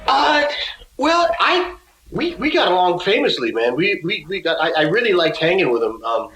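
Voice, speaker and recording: Animated man telling stories in a roomy room. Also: high-pitched, moderate pace, a little hiss or hum. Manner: animated, acts out other people's lines in his stories. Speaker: musician guest. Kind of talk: casual interview storytelling.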